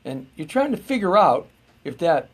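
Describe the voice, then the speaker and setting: A man's voice: a little high, big pitch swings, moderate pace, breathy edge. A middle-aged man hosting a live show, rambling and joking as he muses aloud to viewers. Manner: rambling and jokey, musing aloud.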